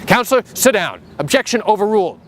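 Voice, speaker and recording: A man's voice: high voice, lively intonation, fast, fairly bright tone, a little hiss or hum, pitched above the performer's own voice. A man voicing a stern, overbearing male judge who gives curt commands.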